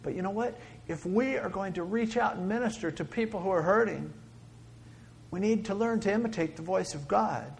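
Male preacher, high voice, dramatic sermon delivery that swings from booming to whispered. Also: normal speed, vocal fry, a little hiss or hum. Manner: dramatic, swings between loud exclaiming and hushed whispering.

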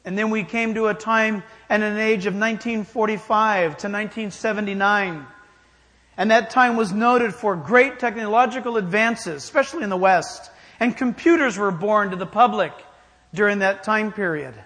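A man's voice: sits high, moderate pace, fairly bright tone. A man preaching a sermon in an emphatic style, challenging his listeners directly. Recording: long hall reverb.

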